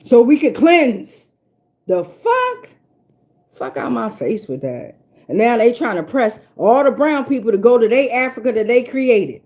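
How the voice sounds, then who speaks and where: A woman with a fairly high voice reads tarot in a loose, unscripted way. She is blunt and profane, and preaches at her listeners. She repeats lines to drive her point home. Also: animated, moderate pace, a little mellow. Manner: emphatic, repeats herself for weight. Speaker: tarot reader. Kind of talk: casual spiritual tarot reading.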